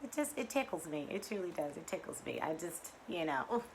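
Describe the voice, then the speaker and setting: A woman's voice: deep voice, sing-song, fairly quick, slight background noise. A woman leading guided breathing and a motivational talk in a live virtual session, effusive and chatty with lots of "you know". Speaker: affirmation and mindset teacher leading a weekly online session.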